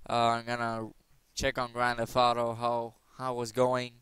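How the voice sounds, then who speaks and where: A man's voice: mid-range voice, monotone, unhurried, fairly bright tone, clear, resonant tone, no room sound. A young man hosting his channel, rambling and joking his way through quiz questions, now and then breaking into silly voices. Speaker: gaming channel host. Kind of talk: casual commentary playing a quiz game.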